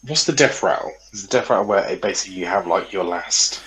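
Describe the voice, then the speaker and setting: A man's voice: deep voice, lively intonation, quick pace, fairly bright tone, poor audio. A man co-hosting a podcast in casual chat, rambling and repeating himself, swearing freely. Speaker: podcast co-host.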